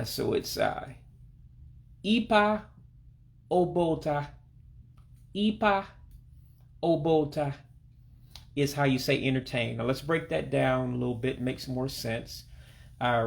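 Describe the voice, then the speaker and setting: Guy doing a slow patient language lesson voiceover, kinda gravelly voice, says every word twice. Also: medium pitch. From Alabama, United States. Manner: patient, repeats each word slowly and carefully. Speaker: language teacher. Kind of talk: self-recorded language lesson. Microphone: voice-over to pictures and on-screen text.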